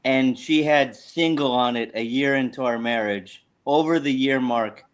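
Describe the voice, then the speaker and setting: A man chatting on a podcast, crude and emphatic. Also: mid-range voice. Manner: crude, emphatic, quick remarks. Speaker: podcast co-host. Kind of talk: casual chat.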